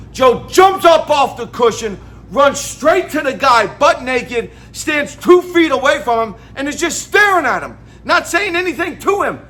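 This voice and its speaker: Very high-pitched man preaching toughness. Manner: profane, emphatic, often shouting. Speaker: motivational speaker. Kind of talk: motivational monologue with anecdote.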